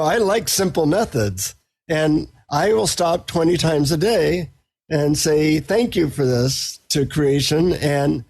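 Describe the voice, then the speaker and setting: A middle-aged man, a psychotherapist and author, chatting as a podcast guest and telling anecdotes in a relaxed, self-deprecating way. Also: a little high. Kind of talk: casual interview storytelling.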